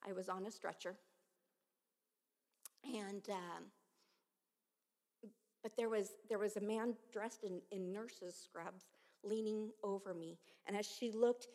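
Woman in her fifties, sermon, halting earnest delivery, mid-pitched voice, long echoing hall. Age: 50s. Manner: slow, halting, earnest, often dropping to a hush. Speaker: preacher. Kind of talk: sermon with personal testimony. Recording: long reverb of a large hall.

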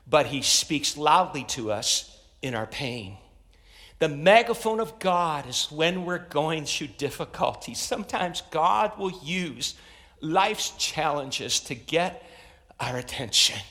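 Pastor preaching in an echoing hall. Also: male voice, a little high, sharp tone. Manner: emphatic preaching, repeats phrases and rallies the congregation. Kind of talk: sermon. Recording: long reverb of a large hall.

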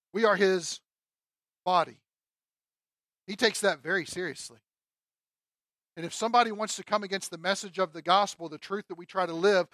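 A man preaching a sermon and reading scripture aloud, emphatic, rising to loud peaks and dropping low again. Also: no room sound. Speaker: pastor.

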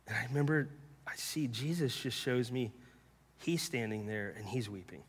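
A male pastor giving an earnest personal testimony sermon, halting and repeating words, sometimes dropping to hushed tones. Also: mid-range voice, breathy edge. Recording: long hall reverb.

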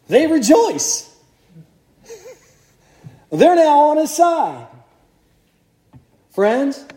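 A man's voice: sits high, warm tone, echoey room. A man preaching a sermon to a congregation in a conversational way, putting questions to his listeners. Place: church.

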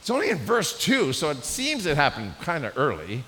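A man preaching a sermon in a church, in a conversational, animated way with frequent restarts. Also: on the high side, normal speed. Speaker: pastor. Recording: echoey hall with faint hiss.

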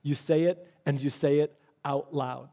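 A pastor in his middle years delivers a sermon in a fairly high voice for a man. He talks to the congregation in an earnest, conversational way and circles back on his phrases for emphasis. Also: steady tone, a little slow, warm tone.

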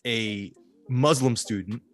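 A man's voice: mid-range voice, slow pace, fairly bright tone, faint music behind. A man co-hosting a comedy podcast, recapping a movie in a sarcastic, loose way, with a lot of swearing and filler. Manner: sarcastic, swears freely, many filler ums. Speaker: podcast co-host. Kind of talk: casual comedic movie-review chat.

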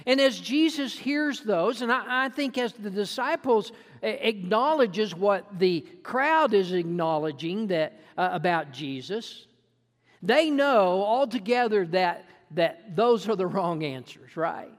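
Slow, earnest preacher in a reverberant hall. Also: mid-range voice, lively intonation. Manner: earnest, emphatic teaching with frequent restarts. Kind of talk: sermon. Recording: long reverb in a large hall.

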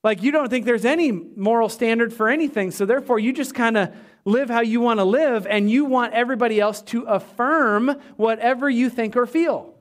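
A middle-aged male pastor preaching a sermon to his church, emphatic, often dropping low and quiet to stress a point. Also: fairly quick.

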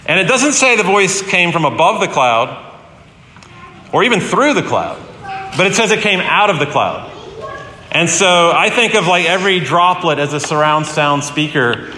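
A man's voice: on the high side, pushed and bright, a little hiss or hum. A man in his fifties, a pastor preaching a sermon in an earnest, storytelling way with emphatic repeated phrases. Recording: roomy hall with long reverb, faint ambience.

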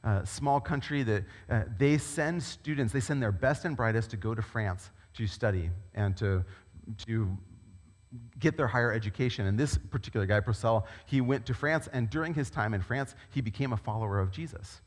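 A man delivers a sermon at a middle pitch, conversational and animated as he tells stories. His voice carries a long reverb, as if recorded in a large church hall. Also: moderate pace. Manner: conversational, animated storytelling preacher. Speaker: pastor.

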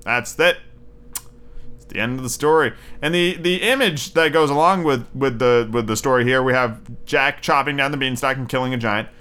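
A man's voice: mid-range voice, normal speed, pushed and bright, clear, resonant tone. A man hosting a casual podcast, reading fairy tales aloud with wry, chatty asides. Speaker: podcast host.

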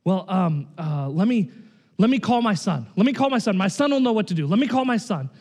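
A preacher voicing a frail elderly man, halting and mild, full of ums. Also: high voice, lively intonation, darkish tone, in a large hall. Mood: hesitant. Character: frail hesitant old man, mild and unhurried.

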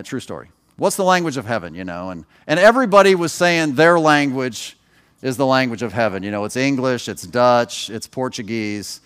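A man's voice: mid-range voice, a bit bright, clear, resonant tone. A man, a pastor, preaching a sermon in a conversational way, with personal stories and joking asides to the congregation.

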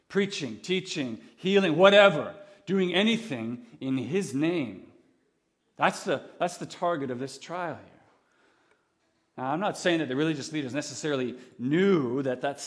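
Animated preacher man with high-leaning voice. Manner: animated, acts out quoted voices with big pitch swings; earnest, conversational preaching with frequent restarts. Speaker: pastor. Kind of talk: sermon.

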